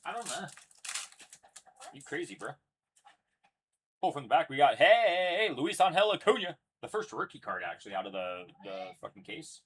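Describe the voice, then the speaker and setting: A man's voice: a little high, sing-song, normal speed, long pauses, a bit bright, slight background noise. A young man casually announcing each card pulled as he hosts a live card break, chatty and upbeat. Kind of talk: live card-opening commentary.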